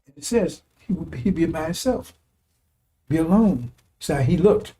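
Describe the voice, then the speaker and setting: A man's voice: fairly high pitch, expressive, moderate pace, warm tone. A man preaching informally, rambling and repetitive, using coarse language and laughing as he talks. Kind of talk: informal sermon.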